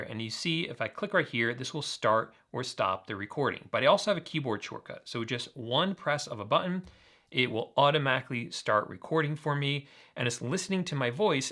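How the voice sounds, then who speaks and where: A man's voice: medium pitch, sharp tone. A man hosting a tech channel, walking viewers through apps in an upbeat, enthusiastic screen-demo tutorial. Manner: enthusiastic, talks straight to viewers.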